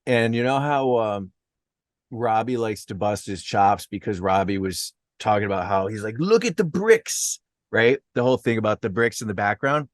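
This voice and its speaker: A man's voice: on the low side, moderate pace, dry recording, clean studio sound. A man co-hosting a casual chat about comics, talking in a chatty conversational way. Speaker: co-host.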